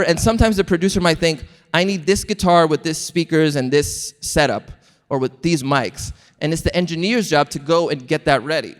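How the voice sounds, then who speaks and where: A man preaching a sermon as a pastor, telling stories and acting out quoted lines with animated delivery. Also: high-pitched, long reverb tail. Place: large church hall.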